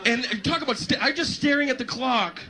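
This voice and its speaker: A man doing a stand-up routine, animated and jumping into squealing voices. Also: very high-pitched, fairly quick. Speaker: stand-up comedian. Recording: noisy live stand-up recording.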